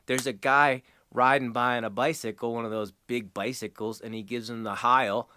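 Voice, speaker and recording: A man's voice: mid-range voice, level tone, moderate pace, hardly any pauses, sharp tone, smooth, no room sound. A man from the United States hosting a rambling, casual monologue. He chuckles as he goes and drifts into crude asides. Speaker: host.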